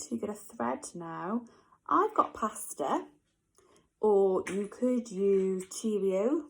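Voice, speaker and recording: A woman, a nursery teacher, reading a storybook to young children expressively, with gasps and hushed whispers. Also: medium pitch, vocal fry, low-quality recording.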